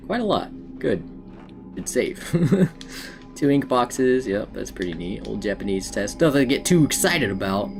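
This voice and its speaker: A man's voice: on the low side, creaky. A man streaming a horror game, chatting in a casual, rambling way to himself and his viewers and laughing often. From United States. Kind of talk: casual gameplay commentary.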